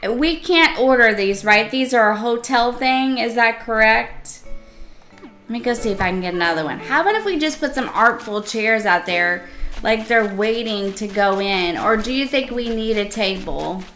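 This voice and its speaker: A woman's voice: a little high, animated, normal speed, pushed and bright, soft background music. A woman live-streaming a cozy game, chatting casually and asking her viewers for their opinions, giddy and proud.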